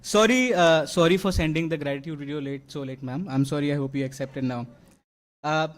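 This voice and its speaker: In a large convocation hall, a young award-winning graduate delivers an earnest convocation speech full of fillers and restarts. His voice is fairly high and his pace a little fast.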